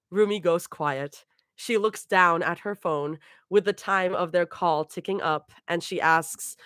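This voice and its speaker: A woman's voice: on the low side, a little slow, fairly bright tone, clear, resonant tone, dry recording, studio quality. A woman casually reading fan fiction aloud on a live stream. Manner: casual reading aloud, laughs between lines.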